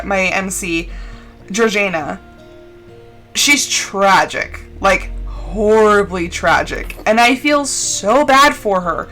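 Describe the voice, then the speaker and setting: A woman streamer chatting casually and expressively while playing a game, full of fillers and quick laughs. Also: mid-range voice, pushed and bright. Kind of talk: casual chat while gaming on a live stream.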